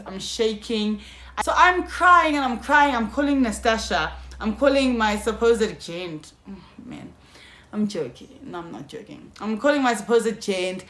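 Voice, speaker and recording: A young South African woman telling a storytime vlog, animated and slangy, often calling out to her viewers. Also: mid-range voice. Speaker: YouTuber. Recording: echoey room.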